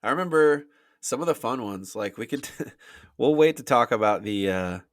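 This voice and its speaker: A man's voice: medium pitch, lively intonation, normal speed, no echo, studio quality. A young man co-hosting a podcast, chatting casually and recalling old concerts. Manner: short reactions, reminiscing. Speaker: podcast co-host. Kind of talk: casual chat.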